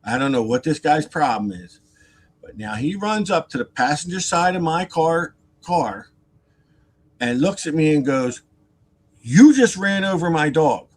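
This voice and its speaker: A man spinning an animated, rambling story in casual talk, his pitch bouncing freely over a slightly high voice. He stumbles and repeats himself and adds chatty asides. He puts on other people's lines in a raised voice. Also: a little slow, breathy edge. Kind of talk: casual storytelling on a live stream.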